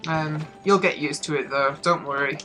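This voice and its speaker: A woman's voice: deep voice, fairly even intonation, normal speed, pushed and bright, faint music behind. A woman with a northern English accent voicing a grizzled, friendly old male peddler from a game's text, reading in a folksy, easygoing way. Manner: folksy, easygoing, reads game text aloud.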